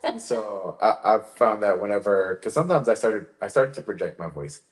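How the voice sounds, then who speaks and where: A man with a very low, deep voice tells his story at an easy pace as an interview guest. The room around him rings with a noticeable echo. He sounds relaxed and conversational. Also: normal speed. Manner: relaxed storytelling, talks about projecting his voice. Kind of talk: casual interview chat. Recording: roomy echo.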